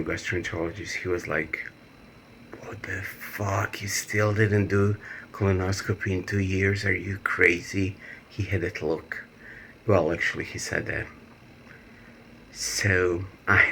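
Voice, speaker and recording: Very deep, gravelly man vlogging. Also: sharp tone, a little hiss or hum. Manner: emotional, rambling, laughs nervously. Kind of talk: personal video diary.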